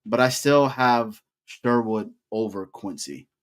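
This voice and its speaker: A young man co-hosting a sports podcast, talking casually and getting worked up with loud, rising hype. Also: lowish voice, slow pace. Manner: animated, hypes with rising shouts. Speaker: podcast co-host.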